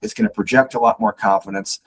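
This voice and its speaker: A man giving coaching advice as a podcast guest, instructive and animated, often repeating words as he starts sentences. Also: mid-range voice, fast, vocal fry, slightly rough, low-quality recording. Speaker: guest speaker on leadership.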